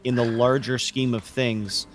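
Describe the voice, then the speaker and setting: A man's voice: mid-range voice, fairly even intonation, unhurried, faint music behind. A man co-hosting a podcast, speaking bluntly and emphatically with swearing. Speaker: podcast co-host. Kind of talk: casual political podcast chat.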